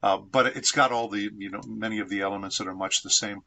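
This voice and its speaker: A man from San Diego, a voice actor being interviewed, telling anecdotes in a measured, reflective way. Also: on the low side, steady tone, gravelly, bright, forceful tone. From San Diego, United States. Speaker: voice actor guest.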